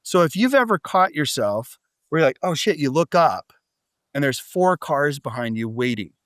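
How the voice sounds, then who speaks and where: A man speaking as a podcast guest, telling stories in a loose, animated way, full of "like" and "right?". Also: on the high side, normal speed, clear, resonant tone, dry recording, studio quality. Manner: animated storytelling, frequent "like" and "right?". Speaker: podcast guest, business coach. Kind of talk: casual interview talk.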